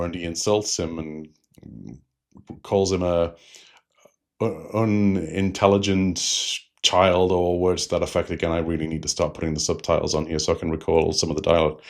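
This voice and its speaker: A man hosting a review channel, recapping an episode in a rambling, digressive way with frequent fillers. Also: low-pitched.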